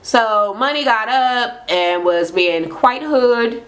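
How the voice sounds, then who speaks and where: A high-pitched woman talks through a reality show episode in a casual vlog. She is blunt and chatty, swears freely, and jumps up in pitch to act out what the cast said. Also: expressive, slow pace, a bit bright. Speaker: reality TV recap YouTuber.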